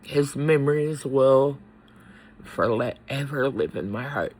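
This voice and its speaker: A man speaks slowly and haltingly, his voice sitting at an ordinary middle pitch. He searches for words, leaning on fillers and pauses as he opens up about something personal and heartfelt. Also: expressive, a little mellow. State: emotional, close to tears. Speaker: vlogger. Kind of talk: personal vlog confession.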